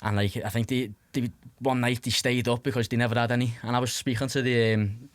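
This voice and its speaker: A man's voice: medium pitch, little pitch movement, a little fast, no room sound. A young man in his twenties with a Scouse accent, telling stories as a podcast guest in a rambling way, full of "like" fillers and swearing. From Liverpool, England. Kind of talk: casual anecdotal storytelling.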